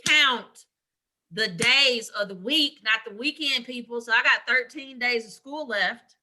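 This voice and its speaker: A woman teacher co-hosting a casual podcast over a video call, sassy and playful with quick comebacks. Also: on the high side, bright, forceful tone, low-quality recording.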